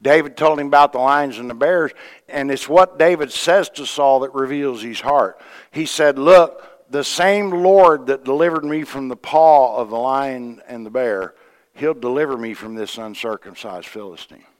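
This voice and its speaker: A pastor with a medium-pitched voice, speaking at a normal pace in a big, echoing room, preaches a sermon. He retells a scripture story in a folksy manner, quoting voices and making asides to the congregation.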